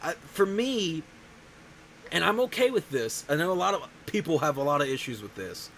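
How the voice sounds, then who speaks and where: A man's voice: a little high, very animated, normal speed, a bit bright, slight background noise, rough recording. A man hosting a show, talking in a casual, rambling way, often restarting his sentences. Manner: rambling, self-interrupting. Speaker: show host. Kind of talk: casual chat.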